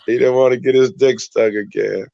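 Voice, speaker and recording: A man on a livestream reacting to jokes with a slow, amused drawl. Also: medium pitch, fairly even intonation, gravelly, lo-fi sound, crowd noise. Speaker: livestream guest, listener.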